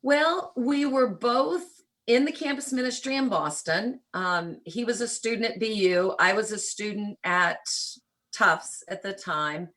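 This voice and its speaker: A woman around sixty from rural Kentucky with a faint Southern accent, telling stories as a guest in an interview, shifting between quick runs and slow, deliberate phrases. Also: medium pitch, animated, a bit bright, rough recording. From rural Kentucky, USA. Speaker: guest, church planter. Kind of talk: conversational interview storytelling.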